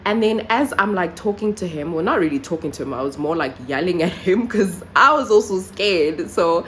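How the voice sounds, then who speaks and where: A woman's voice: on the low side, normal speed, slight background noise. A young woman from South Africa vlogging casually, telling a story with lots of fillers. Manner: chatty, animated storytelling with many fillers. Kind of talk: casual vlog chat and storytelling.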